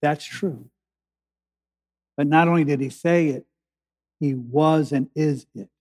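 High-voiced preacher in an echoey hall. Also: male voice, darkish tone. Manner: preaches with slow emphatic pauses and rising urgency. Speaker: pastor. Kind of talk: sermon. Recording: echoey hall with long reverb.

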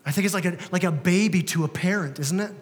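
Man preaching, higher voice, conversational sermon, rhetorical questions, long hall reverb. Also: fast talker. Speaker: pastor. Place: church sanctuary.

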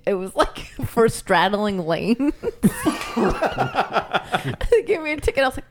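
A woman's voice: medium pitch, sing-song, measured pace, pauses often. A woman in casual podcast chat, telling stories animatedly, often laughing and acting out the people she quotes.

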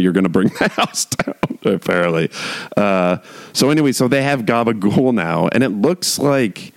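Podcast host type: deep, gravelly male voice, dry close sound, loose and rambling with wry asides. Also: a little mellow, dry recording. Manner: rambling, heavy use of "like", frequent restarts. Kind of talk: casual monologue chat.

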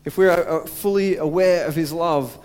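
A man's voice: a little high, moderate pace, a little mellow, long reverb tail. A man preaching a sermon as pastor, earnest, repeating phrases and asking rhetorical questions.

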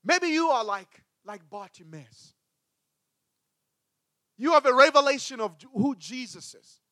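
A man preaching a sermon as a pastor, with emphatic delivery that swings between loud and hushed. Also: extremely high pitch, animated, measured pace, dry recording, studio quality.

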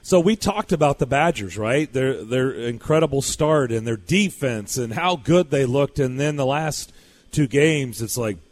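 A man's voice: mid-range voice, lively intonation, unhurried. A man hosting a sports radio show, joking playfully with his guest and co-host.

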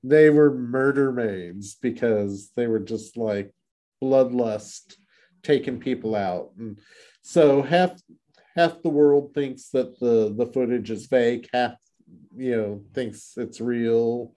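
A man's voice: medium pitch, slow pace, warm tone. A man co-hosting a casual book discussion, rambling with fillers and restarts as he recaps the story. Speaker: podcast co-host.

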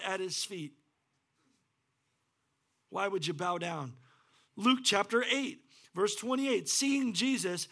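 A man preaching a sermon as pastor, animated and acting out the scripture quotes in varied voices. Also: very high-pitched. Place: church.

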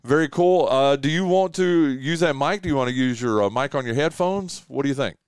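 A man's voice: mid-range voice, a little fast, smooth, no echo, studio quality. A middle-aged man hosting a radio show, interviewing a guest enthusiastically and rambling with restarts. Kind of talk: casual interview.

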